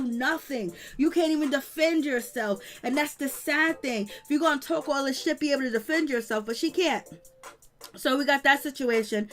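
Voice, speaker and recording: Blunt, high-voiced woman recapping drama. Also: a bit bright. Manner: blunt, slangy, scolding. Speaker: reality TV recap commentator. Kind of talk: casual commentary.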